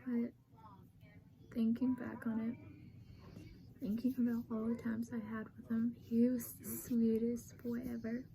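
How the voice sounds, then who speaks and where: A young woman telling a painful personal story in a soft, halting voice, sad and emotional, often sliding into a whisper. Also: fairly high pitch, completely flat delivery, rough recording.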